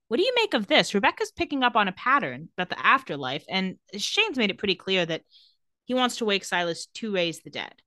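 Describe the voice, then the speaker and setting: Lively bright-voiced woman podcast host. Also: mid-range voice, no echo, clean studio sound. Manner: animated, acts out quotes with a bad British accent, laughs often. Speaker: podcast co-host recapping a TV episode. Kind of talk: casual chat.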